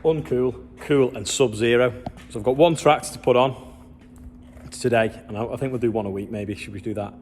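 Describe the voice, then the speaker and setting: A man's voice: mid-range voice, a little fast, a little mellow, soft background music. A man vlogging casually on his farm, chatting in a rambling way and asking his viewers questions. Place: outdoors on a farm.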